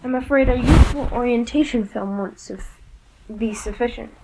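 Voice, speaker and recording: A woman voicing a kindly, patient older male teacher, speaking in a gentle, measured and formal way in a storybook reading. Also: fairly high pitch, heavy background noise, lightly acted.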